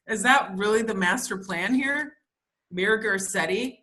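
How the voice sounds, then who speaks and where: A woman's voice: mid-range voice, a little slow, pushed and bright. A woman co-hosting a podcast, telling stories in a profane, ranting, casual comedic chat. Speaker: podcast co-host.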